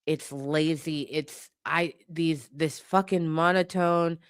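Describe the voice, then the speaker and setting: A woman's voice: low voice, fairly bright tone, no echo. Blunt, profane woman ranting, dry sound. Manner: emphatic, repeats points for force. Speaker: commentator. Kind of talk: casual opinion rant.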